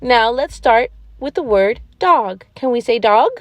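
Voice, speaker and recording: A woman voicing a gentle, patient gazelle schoolteacher who leads a preschool letter lesson in a sing-song, encouraging way and praises often. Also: a little high, expressive, measured pace, no echo. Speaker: preschool teacher.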